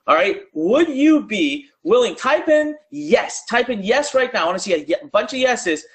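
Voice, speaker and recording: A man with a high voice talks to a live online audience in a casual, slangy way. He pushes the viewers to type their answers in the chat and keeps a pressing, salesy rhythm. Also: fairly bright tone. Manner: urgent and conversational, drives audience to type replies in chat. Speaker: online business coach. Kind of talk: live-streamed sales pitch.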